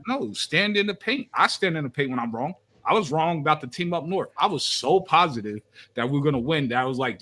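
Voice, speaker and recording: A man's voice: a little high, expressive, normal speed, pushed and bright. A young man co-hosting a sports podcast, speaking in a brash, emphatic, trash-talking way. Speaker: podcast co-host. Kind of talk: casual sports chat.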